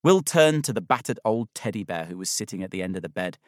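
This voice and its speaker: A man narrating a children's storybook in a measured, expressive way. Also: fairly low pitch, no echo, clean studio sound.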